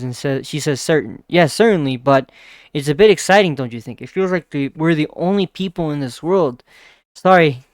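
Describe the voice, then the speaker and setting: A man casually retells a manga chapter, often chuckling as he goes. He drops into a softer voice for the characters' lines. His voice is smooth and a little high, recorded dry and close. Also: no echo. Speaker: manga reviewer.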